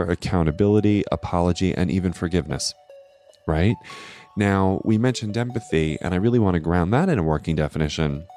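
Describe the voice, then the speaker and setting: Low-voiced man hosting a podcast. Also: darkish tone. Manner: earnest, explanatory, frequent tag questions. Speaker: podcast host, astrology. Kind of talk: solo podcast talk.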